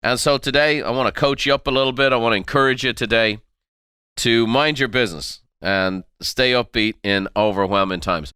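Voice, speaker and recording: A man's voice: medium pitch, a little fast, sharp tone, clean tone, dry recording, clean studio sound. A middle-aged man from Ireland, hosting a motivational podcast and driving home key phrases by repeating them. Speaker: podcast host and motivational speaker. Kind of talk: motivational monologue.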